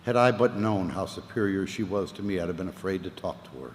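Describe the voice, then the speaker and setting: A man with a lowish voice tells his own story at a recovery meeting, earnest and plainspoken, dropping to near-whispers and rising again as feeling takes him. His words ring out in a large reverberant hall with a faint hum of room noise behind. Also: a little fast. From Southern US. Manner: earnest storytelling, voice swells and sinks with emotion; casual Southern speech, 'ain't' and 'wasn't no'. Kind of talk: personal testimony talk.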